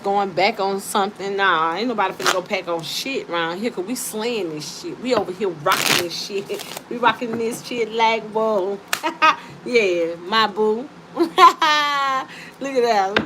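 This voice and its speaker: A woman doing a casual live-stream card reading, talking to her viewers in an animated, teasing and profane way and breaking into frequent laughter. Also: medium pitch, unhurried. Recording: steady background noise.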